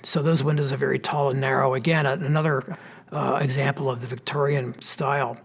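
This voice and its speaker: A man with a Pennsylvania accent, an architect giving a relaxed, explanatory slide lecture with plenty of fillers. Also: medium pitch, fairly quick, gravelly, husky. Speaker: architect giving a history talk. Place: church hall.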